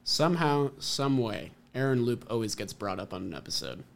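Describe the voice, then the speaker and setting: A man's voice: mid-range voice, sing-song, moderate pace, vocal fry. Upbeat teasing man, sports podcast. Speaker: podcast co-host. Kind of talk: casual sports chat.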